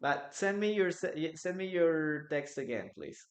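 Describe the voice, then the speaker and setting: A man's voice: fairly high pitch, expressive, unhurried. A man with a Peruvian Spanish accent teaching English in a live online class, answering viewers' questions from the chat. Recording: echoey room.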